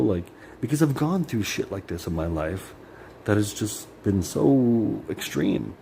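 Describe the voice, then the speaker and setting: A man's voice: on the low side, animated, a little slow, vocal fry, warm tone, slight background noise. A man venting in a personal monologue, rambling and bitter, swearing and filling his talk with "like". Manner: rambling, profane, many "like" fillers; emotional, bitter. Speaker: vlogger.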